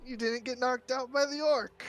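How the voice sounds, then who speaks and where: A man's voice: very high-pitched, fairly even intonation, normal speed, fairly bright tone, no echo, pitched above the performer's own voice. A man doing a hearty, boastful arm-wrestler. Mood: teasing.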